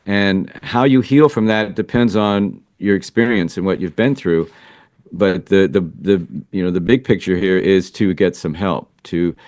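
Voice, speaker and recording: A man's voice: low voice, darkish tone, dry recording, studio quality. A man who is a relationship coach for men, answering interview questions in an earnest, reflective way as he thinks aloud. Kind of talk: interview answers, casual advice.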